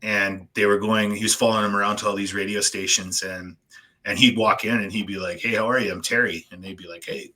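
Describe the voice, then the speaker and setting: Man, podcast host, husky and bright, animated rants, casual chat. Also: fairly low pitch. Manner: animated, ranting storyteller with quick voice impressions.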